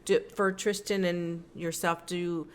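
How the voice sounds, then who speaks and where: A woman's voice: on the low side, level tone, slow, clean tone. A woman hosting a podcast, asking hesitant, rambling questions. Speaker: podcast host. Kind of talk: casual interview.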